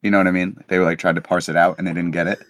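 A man's voice: low voice, little pitch movement, rapid-fire, fairly bright tone, no echo, studio quality. A man co-hosting a podcast, talking casually in a loose, rambling way full of fillers. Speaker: podcast co-host.

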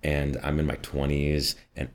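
A man with a slight Midwestern accent and an extremely low, deep voice tells stories in a relaxed interview. He is animated and laughs easily, jumping up in pitch whenever he quotes someone. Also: unhurried. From US Midwest, Chicago northwest suburbs. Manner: animated storyteller, jumps high for quoted voices, laughs often. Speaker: voice actor and coach. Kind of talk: casual interview chat.

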